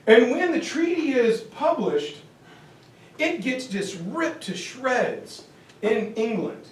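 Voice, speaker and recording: A man lecturing on history in a lively, joking way. His voice runs high and bright. He is picked up from a distance in a roomy, echoing hall with a faint hiss behind. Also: slow pace. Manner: animated, joking, slips into comic voices. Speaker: history teacher. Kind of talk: jokey classroom lecture. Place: classroom or hall. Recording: echoey room, far from mic, faint hiss.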